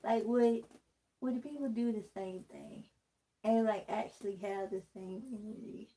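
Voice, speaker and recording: Candid woman vlogger with a mellow voice. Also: mid-range voice, steady tone, moderate pace, poor audio. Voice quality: distinctive voice that people comment on. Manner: candid, rambling, talks straight to the camera. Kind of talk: casual vlog chat while taking out braids.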